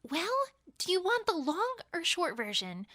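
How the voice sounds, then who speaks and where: A woman's voice: very high voice, very animated, measured pace, fairly bright tone, no echo, clean studio sound, full character voice. A woman voicing an earnest, fretful young unicorn mare who rambles nervously, in a fan audio drama. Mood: anxious.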